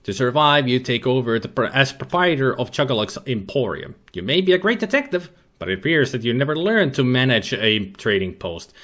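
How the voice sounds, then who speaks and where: A man's voice: mid-range voice, sing-song, brisk, few pauses, a bit bright. A man commentating a retro adventure game, reading its text aloud with dry, sarcastic jokes. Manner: dry, jokey, sarcastic asides. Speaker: let's play commentator.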